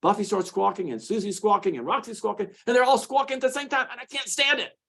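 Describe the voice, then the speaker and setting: A man's voice: sits high, fast, creaky, bright, forceful tone, breathy edge, voice pushed up, heavily acted. A man voicing his exasperated middle-aged wife as she complains that squawking chickens are driving her crazy.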